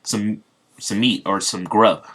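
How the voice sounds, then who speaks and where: A man's voice: lowish voice, fairly even intonation, slow, a bit bright, slightly rough, heavily acted. Luffy, a man doing a carefree pirate captain. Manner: plain retelling voice, barely acted. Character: carefree young male pirate captain, food-obsessed.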